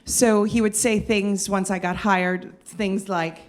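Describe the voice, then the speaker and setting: A woman telling a funny personal story in an animated, self-mocking way. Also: medium pitch, slow pace. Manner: animated, self-mocking, lots of fillers and restarts.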